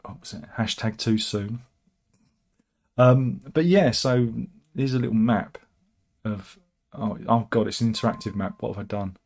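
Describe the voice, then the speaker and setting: A man's voice: fairly low pitch, measured pace, long pauses, darkish tone. A man hosting casual satirical news commentary, sardonic and rambling, with chuckling asides. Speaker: host of a satirical news channel.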